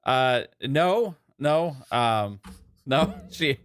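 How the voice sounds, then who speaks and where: A man's voice: medium pitch, animated, extremely slow, clean tone. A man co-hosting a podcast, chatting in a loose, jokey, crude way. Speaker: podcast co-host. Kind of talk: casual podcast chat.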